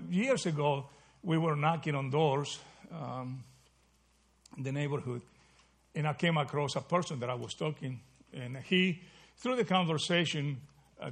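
Teaching a Bible study in a chatty, sermon-like way, this man has a somewhat high voice that's creaky and husky. He keeps asking "okay?" or "right?" to check on listeners, and he sometimes fixes his wording partway through a phrase.

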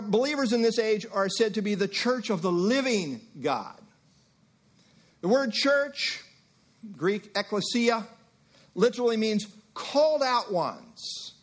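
A male pastor delivers a sermon in a relaxed, conversational way. He breaks off for asides and acts out short exchanges. His voice sits fairly high for a man. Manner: conversational preaching with asides and acted-out dialogue.

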